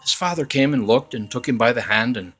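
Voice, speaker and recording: A man's voice: mid-range voice, fairly quick, a bit bright, a little hiss or hum. Homespun man telling a folksy tale. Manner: rambling, homespun, repeats "he says". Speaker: storyteller in costume persona. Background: faint chanting.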